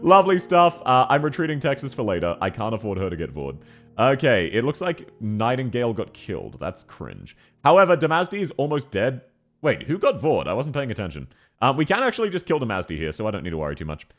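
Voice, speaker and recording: A man's voice: mid-range voice, huge pitch swings. A young man with an Australian accent, a VTuber streamer chatting playfully with viewers while he plays a game. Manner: playful, teasing, quick to laugh. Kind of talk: casual livestream commentary.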